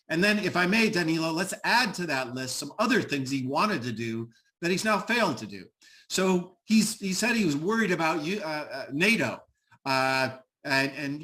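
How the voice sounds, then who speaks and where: A man's voice: fairly high pitch, fairly bright tone. A middle-aged American man speaking emphatically on an online panel, with frequent "uh" fillers and repeated words. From United States.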